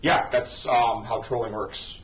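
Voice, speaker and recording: A man of middle pitch reads an article aloud and keeps cutting in with scornful, swearing rants. His voice sits back from a cheap microphone, so it comes through muffled and dull. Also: little pitch movement, measured pace, fairly bright tone. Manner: sarcastic, profane, ranting. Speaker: online commentator. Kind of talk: reading an article aloud with mocking asides. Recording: dull distant lo-fi home mic.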